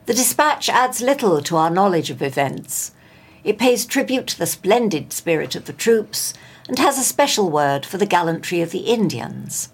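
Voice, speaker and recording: A woman reading a local news bulletin in a steady, measured way. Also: medium pitch, husky. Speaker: local radio news presenter.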